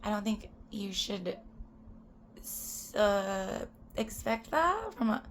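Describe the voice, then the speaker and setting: A young woman vlogger rambles to camera with plenty of swearing, slipping into whispers now and then. Her voice sits at a middle pitch, with a faint hum of room ambience behind it. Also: very animated, takes it slowly. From US-Mexico border region. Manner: rambling, profane, drops into whispered asides. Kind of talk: casual chat to camera.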